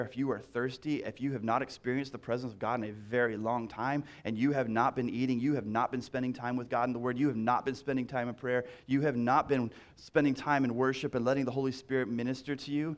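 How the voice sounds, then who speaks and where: A male pastor preaching a sermon in a conversational way, repeating key lines and restarting phrases as he talks. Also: medium pitch.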